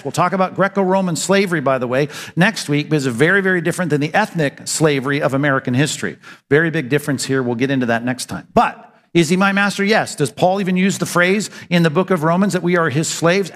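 A man's voice: fairly high pitch, fairly bright tone. Preaching man in a reverberant hall. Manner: conversational preaching, asks and answers his own questions. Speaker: pastor. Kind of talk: sermon.

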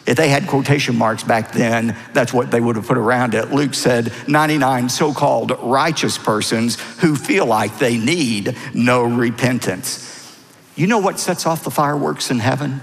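A middle-aged male pastor preaching a sermon in a church, animated and acting out voices when he quotes. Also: medium pitch, vocal fry. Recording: long hall reverb.

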